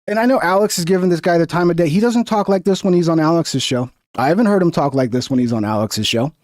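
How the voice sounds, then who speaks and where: A man with a high-pitched voice rants into a dry, close mic, cursing and mocking in a heated, sarcastic tone. His commentary sounds like an angry, unscripted reaction stream. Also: fast, darkish tone, dry recording. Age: 30s or older. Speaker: reaction show host. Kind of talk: profane political reaction commentary.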